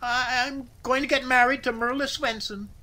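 A man's voice: high voice, steady tone, takes it slowly, sharp tone, pitched above the performer's own voice, heavily acted. A man voicing a timid, nervous little railroad sweeper who stammers and quavers. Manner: stammering, tremulous.

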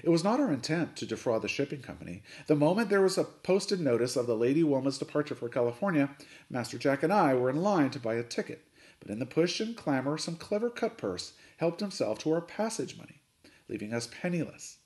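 Brief: formal, unflappable butler, voiced by a man, brisk and pitched high. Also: sing-song, a little mellow. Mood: courteous. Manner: formal, courteous, quick speech. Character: polite, unflappable adult male butler.

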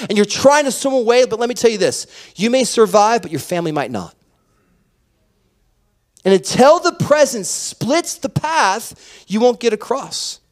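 A man preaching a sermon as pastor, telling stories with a voice that drops to a hush and then rises loud. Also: very high-pitched. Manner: animated storytelling, dropping to a hush then rising loud. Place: church hall.

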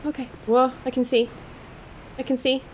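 High-pitched girl playing a spooky game, slow and jumpy, light hiss behind. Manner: excitable, jumpy reactions. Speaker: gaming streamer. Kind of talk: let's play commentary.

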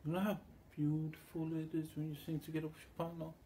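A man talks through a loose, wandering story, slipping into quick imitations of the people he met. His voice sits a little high but sounds mellow and warm. A faint hum of background noise runs underneath. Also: monotone. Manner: meandering and crude, acts out other voices in quotes. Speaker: vlogger. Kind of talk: rambling casual storytelling.

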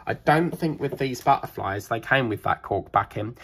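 British man, gravelly voice, rambly unboxing chat, excitable, faint background hiss. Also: mid-range voice, normal speed. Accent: British English. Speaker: crafting channel host.

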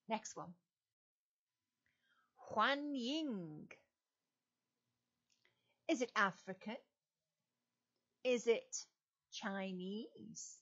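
An English woman leading a children's Sunday school lesson, quizzing and storytelling in a slow, sing-song way with exaggerated rises. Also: a little high, lively intonation, fairly bright tone, highs cut off.

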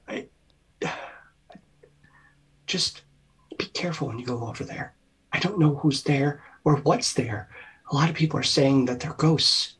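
A man's voice: fairly high pitch, a little slow, pauses often, a bit bright, slightly rough, exaggerated voice. Man doing Will, a timid stammering young deer. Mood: nervous. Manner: stammering, nervous. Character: scared young deer named Will, big but timid.

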